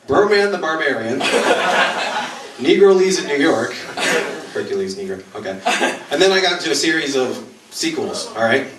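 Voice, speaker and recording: A man doing a stand-up routine with a deadpan delivery and sudden pitch jumps on punchlines. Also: normal speed, pauses often, noisy background. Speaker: stand-up comedian. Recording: echoey club room, mic heard from a distance. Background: audience laughing.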